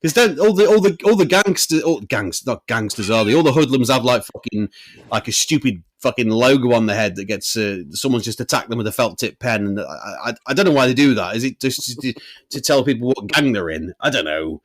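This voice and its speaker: A man's voice: medium pitch, expressive, fairly quick, no echo. A man co-hosting a podcast, reviewing a film in a rambling, swearing, casual chat. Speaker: podcast co-host.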